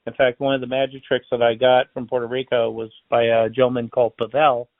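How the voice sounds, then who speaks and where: Brief: friendly storyteller man, gravelly voice, dry close sound. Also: medium pitch, fast, no room sound. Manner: chatty, animated storyteller acting out dialogue. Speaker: balloon artist and magician. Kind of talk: casual interview storytelling. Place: based in Florida. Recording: tinny phone-line sound.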